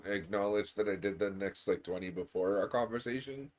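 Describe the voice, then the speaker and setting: A man co-hosting a gaming stream in casual chat, laughing often and tripping over his words when excited. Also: lowish voice, fairly quick, crowd noise. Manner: laughs often, stammers and restarts, gets loud when excited.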